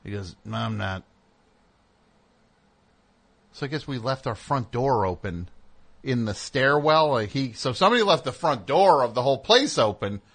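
A middle-aged man hosting a show, telling a casual story and acting out the people in it with sudden loud outbursts. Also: medium pitch, normal speed. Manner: animated, acts out voices with loud outbursts. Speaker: host.

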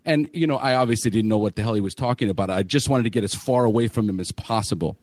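Candid man telling a rough story. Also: lowish voice, fast, darkish tone. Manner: candid, swearing, many fillers and restarts. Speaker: podcast host. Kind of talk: casual podcast story.

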